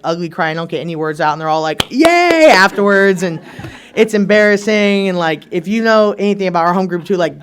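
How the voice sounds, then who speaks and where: A young man giving a candid personal testimony at a recovery meeting, talking casually and often dropping "like" and "right?". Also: high voice. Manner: earnest, emotionally open storytelling.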